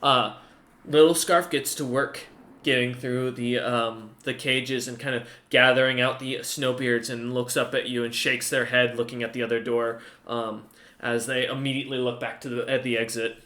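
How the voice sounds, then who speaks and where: A man's voice: mid-range voice, little pitch movement, normal speed, pushed and bright. A man narrating as game master, with a rambling delivery full of fillers. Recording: roomy echo.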